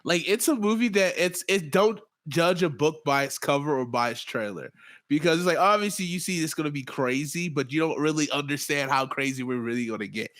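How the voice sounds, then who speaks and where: A man's voice: on the high side, fairly quick, fairly bright tone. A young man co-hosting a podcast, talking in a slangy, laughing, storytelling way. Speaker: podcast co-host. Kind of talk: casual chat.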